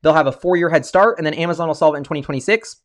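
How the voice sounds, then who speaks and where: Hyped up guy on his livestream, kinda high voice, rambles and restarts a lot. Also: rapid-fire. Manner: excitable and rambling, full of restarts. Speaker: stock-market video host. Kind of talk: casual livestream commentary.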